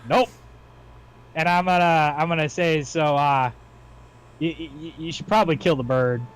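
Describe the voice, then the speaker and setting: A male player in a tabletop game talks over a voice call and works through his moves out loud, hesitating along the way. His voice is slightly higher than most men's, with a faint hiss behind it. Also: steady tone, moderate pace. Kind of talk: casual play over a voice call.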